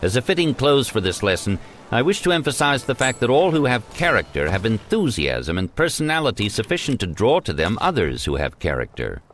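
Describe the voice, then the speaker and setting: A man reading an old self-help text aloud in a measured, emphatic narration. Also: mid-range voice, very animated, a bit bright, slight background noise.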